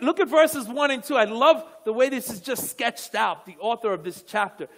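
A man's voice: very high-pitched, normal speed, few pauses. A male pastor preaching a sermon with fervent, emphatic delivery and asides to the congregation.

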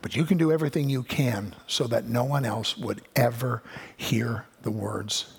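A male pastor delivers a sermon with a gravelly, husky voice. He builds to emphatic, rising peaks. He slips into the voices of imagined listeners, then drops low and quiet again. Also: normal speed.

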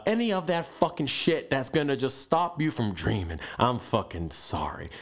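A young man hosting a podcast, ranting bluntly and profanely in a motivational monologue. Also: on the low side. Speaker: podcast host. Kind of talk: motivational rant.

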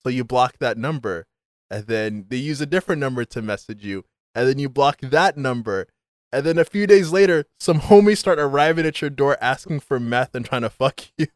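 A man's voice: mid-range voice, no room sound, studio quality. Laughing young man, casual co-host. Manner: joking, laughs often, slangy. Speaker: podcast co-host. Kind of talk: casual chat.

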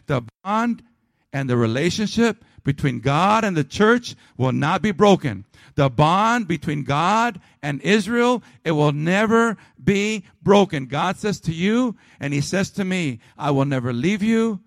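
Pastor guy preaching, kinda high voice, dry close sound, goes loud then soft and low. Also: animated, a little slow, creaky, no echo. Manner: preaching with swings from loud emphatic peaks to quiet, low prayer; calls out to the congregation. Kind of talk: sermon.

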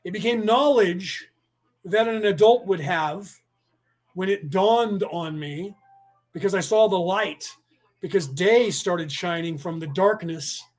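A man's voice: high-pitched, slow pace, soft background music. A man delivering a rambling, profane monologue, full of rhetorical questions and sudden bursts of speed.

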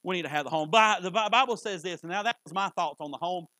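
A man preaching a sermon in a church in a folksy, conversational way, with sudden loud bursts. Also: high-pitched, fast, dry recording, poor audio. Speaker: pastor. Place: church sanctuary.

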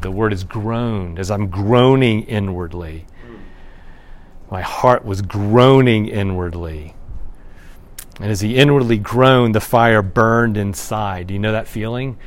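A man preaching a sermon as pastor, talking conversationally and swinging from hushed remarks to loud, emphatic points. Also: mid-range voice, animated, a little slow.

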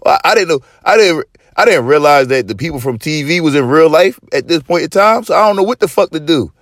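A man in his thirties or forties hosting a podcast, telling a story in casual chat with a profane, swaggering, animated manner. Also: on the high side, a little fast, no room sound, clean studio sound. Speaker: podcast host.

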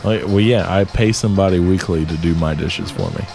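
A man's voice: low-pitched, a little fast, vocal fry, a little mellow, soft background music. A man in casual conversation, mostly answering briefly and reading out quiz questions to his partner. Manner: short replies, then reads out questions. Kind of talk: casual chat.

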